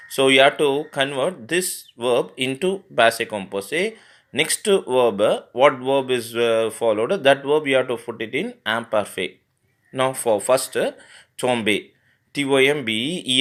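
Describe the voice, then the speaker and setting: A male teacher from India walks through a French grammar exercise, at a middle pitch. He spells verbs out letter by letter and fills his pauses with "uh" as he explains each step. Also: a bit bright. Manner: spells words letter by letter, many fillers. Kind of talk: recorded grammar lesson.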